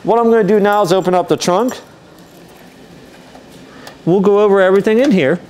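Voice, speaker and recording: Here a man's high, fairly quick voice carries a darkish tone, with slight hiss or hum on the recording. He presents a classic car for sale as a dealer, walking the camera around it in casual, easygoing, methodical narration full of "um" and "uh."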